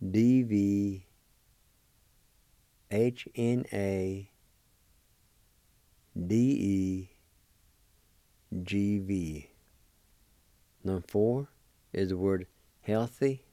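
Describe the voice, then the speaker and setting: Man, language teacher, slow deliberate delivery, low voice, very mellow tone. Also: clear, resonant tone, dry recording. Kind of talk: slow spelling and pronunciation lesson.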